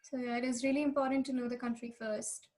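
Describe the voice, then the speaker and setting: A woman's voice: on the high side, quick pace. A woman hosting a podcast, asking short questions and backing the guest with mm-hmms. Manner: brief prompts and steady mm-hmms. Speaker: podcast host. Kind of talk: casual interview questions.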